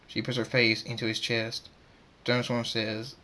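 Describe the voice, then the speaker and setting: Man, narrating a fan story, middling pitch, halting, stammers and restarts. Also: completely flat delivery, bright, forceful tone, a little hiss or hum. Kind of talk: amateur fan-fiction reading.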